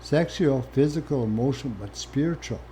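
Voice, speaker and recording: This is an older former First Nations chief from Canada, speaking as an interview guest about his life in a candid, no-frills way that alternates between subdued and spirited. He talks briskly in a mid-range voice, with slight background noise.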